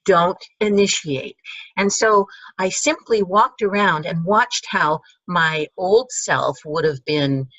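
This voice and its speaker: A woman speaks as an interview guest, musing aloud in halting phrases that often trail off and restart. The sound is dull and dry, as if from a video call. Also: lowish voice, fairly bright tone, no echo. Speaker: guest, teacher. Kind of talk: casual conversational interview.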